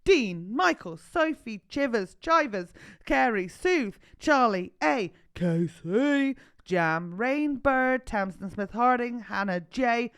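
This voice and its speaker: A woman's voice: a little high, animated, slow pace, fairly bright tone, smooth. A woman from England co-hosting a podcast, chatting casually with dry, joking asides. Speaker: podcast co-host.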